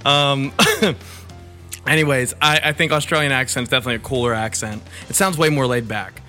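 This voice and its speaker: A man's voice: medium pitch, fairly even intonation, normal speed, pushed and bright, soft background music. A young man co-hosting a casual chat who laughs often and swears freely while joking crudely. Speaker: podcast co-host.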